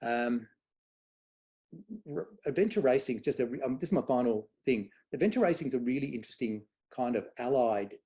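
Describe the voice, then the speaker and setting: A middle-aged man, a guest on event safety, telling anecdotes in a lively way and acting out quoted dialogue. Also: mid-range voice, brisk. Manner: animated storyteller, acts out quoted dialogue. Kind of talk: conversational anecdote.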